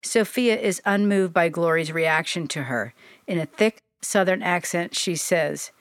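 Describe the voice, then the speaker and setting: A woman narrates a storybook in a gentle, descriptive way, her voice sitting a little low. The recording is dry and close, with no room sound. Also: measured pace, no echo.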